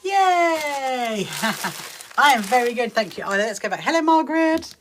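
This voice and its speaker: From her home sewing room, a woman hosts a casual sewing livestream, chatting upbeat, greeting viewers by name and laughing often. Her voice is on the high side and very animated, though she speaks slowly. Background noise can be heard.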